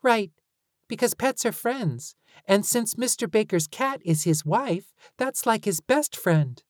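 A woman's voice: medium pitch, lively intonation, takes it slowly, dry recording, studio quality, pitched above the performer's own voice. A woman voicing an odd little boy with glowing red eyes, chatty, earnest and oddly literal.

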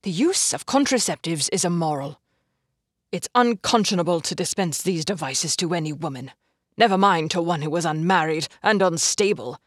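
Casting: cold, moralizing Victorian doctor, acid and dry-toned as a reader puts him on. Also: male voice, a little high, lively intonation, normal speed, a bit bright, no room sound. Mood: stern. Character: stern pompous older male Victorian doctor.

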